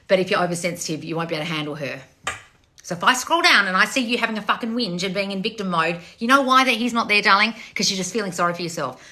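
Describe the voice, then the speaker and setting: A woman's voice: medium pitch, quick pace, sharp tone. A woman, a manifestation coach scolding her viewers bluntly with plenty of swearing. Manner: profane, blunt, exasperated tough-love scolding. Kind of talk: blunt livestream chat reading comments.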